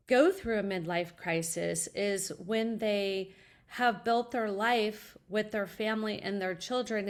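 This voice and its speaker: A middle-aged woman, a college advisor, answering an interview question with earnest, upbeat personal stories. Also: medium pitch.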